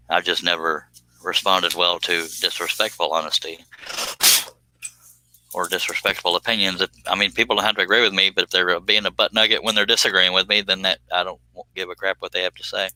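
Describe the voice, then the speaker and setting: Deep, forceful-voiced man chatting casually. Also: flat delivery, normal speed, long pauses, poor audio. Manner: joking, folksy and plainspoken. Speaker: livestream host answering chat. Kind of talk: casual livestream chat while working.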